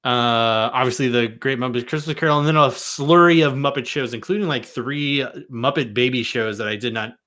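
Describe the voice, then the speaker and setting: Bright-voiced man hosting a podcast. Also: mid-range voice, moderate pace, hardly any pauses. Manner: joking, relaxed banter. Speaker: podcast host. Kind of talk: casual podcast chat.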